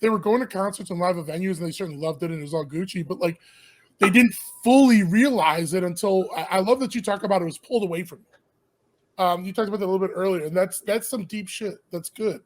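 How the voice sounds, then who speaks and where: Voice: medium pitch, fast talker. A casual livestream host interviewing a band. The talk is loose and rambling, with restarts and slangy asides.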